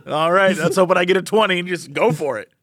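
This is a podcast co-host, a man with a high voice, who tells stories in a lively way and acts out the lines he quotes during a casual chat. His pace is normal, and the studio-quality audio carries no room sound.

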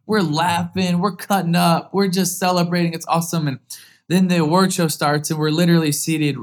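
A man's voice: on the high side, brisk. Earnest man telling a heartfelt story. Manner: earnest, heartfelt, grows lively as the story builds. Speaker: guest, former pro football quarterback. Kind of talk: personal storytelling in an interview.

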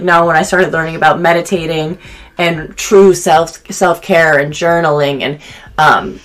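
A woman's voice: deep voice, a bit bright. A young woman co-hosting a podcast in a casual, reflective way, with many "like" and "um" fillers. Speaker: podcast co-host.

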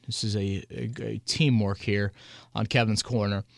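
A man's voice: lowish voice, little pitch movement, normal speed, creaky. Chatty man hosting a sports podcast. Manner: conversational, hypothetical rambling. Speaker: podcast host. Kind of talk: casual sports talk.

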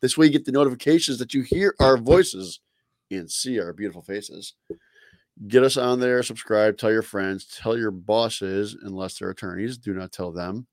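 A man with a low voice co-hosts a sports fan podcast. He talks in a laid-back, jokey way and then bursts out loudly now and then. The sound is dry and close to the mic. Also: moderate pace, dry recording. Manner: laid-back, jokey, with sudden loud outbursts. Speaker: podcast co-host. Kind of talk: sports fan chat and show sign-off.

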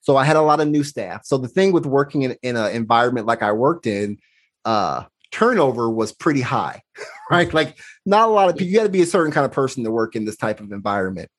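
A man's voice: medium pitch, expressive, fast talker. Earnest male podcast guest with a mid-range voice, reflective storyteller who acts out dialogue. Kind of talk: personal storytelling in conversation.

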